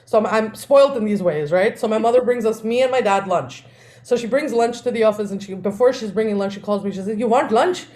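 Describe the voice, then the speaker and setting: A woman, co-hosting a podcast and telling family stories in a lively way, often laughing. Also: medium pitch, fast talker. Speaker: podcast co-host. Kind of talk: casual storytelling.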